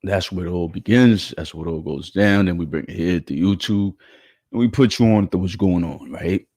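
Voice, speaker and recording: A man's voice: low-pitched, moderate pace, warm tone, husky, dry recording, studio quality. A man hosting a casual live commentary show with a stuffy nose and a catching throat, calling out chat viewers by name in slangy talk. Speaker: livestream show host.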